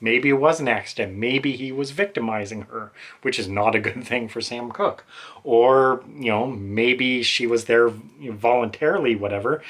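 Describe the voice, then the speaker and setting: A man's voice: medium pitch, moderate pace, a bit bright. A man hosting a book channel, talking in a rambling, emotional way with many fillers. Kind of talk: casual monologue.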